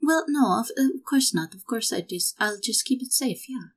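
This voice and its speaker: A woman's voice: on the high side, expressive, normal speed, pitched above the performer's own voice. A woman voicing a boastful young woman chattering behind a door in a tabletop game. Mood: smug.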